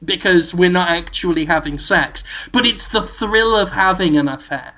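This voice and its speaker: A man's voice: high-pitched, moderate pace, pushed and bright. A man co-hosting a podcast, telling silly playful stories with lots of laughter. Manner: playful, silly, giggly storyteller. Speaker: podcast co-host. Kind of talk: casual chat.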